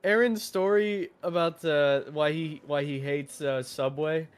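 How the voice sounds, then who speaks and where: A man's voice: on the high side, steady tone, measured pace, clear, resonant tone. A man chatting casually while playing a video game, telling rambling stories and laughing often. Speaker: gaming streamer co-host. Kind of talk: casual chat while gaming. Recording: faint game music behind.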